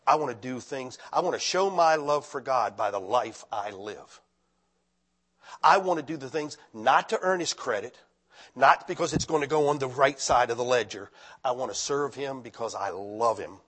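An older man, a retired pastor, preaching a conversational sermon that climbs into loud, fervent appeals. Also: a little high, breathy edge.

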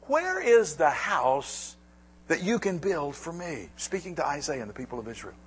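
A husky-voiced male pastor delivering a sermon with a slightly raised pitch. He swings from near-whispered asides to loud, emphatic lines, with wide rises and falls in his delivery. He acts out the scripture voices as he goes. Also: big pitch swings, normal speed.

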